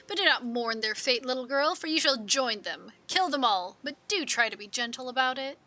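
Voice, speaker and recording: A woman's voice: sits high, lively intonation, normal speed, sharp tone. A woman voicing a scheming villain who gloats in a theatrical way. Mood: gloating.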